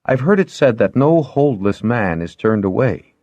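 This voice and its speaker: A man reading aloud and voicing a quiet, observant male harper making a remark. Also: medium pitch, animated, normal speed, no echo, muffled recording, pitched above the performer's own voice, natural voice.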